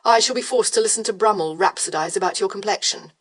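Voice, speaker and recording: A woman plays a teasing aristocratic gentleman with a dry wit. He speaks in an understated, wry way, an audiobook figure. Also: mid-range voice, quick pace, close to an everyday voice. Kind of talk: audiobook character voice.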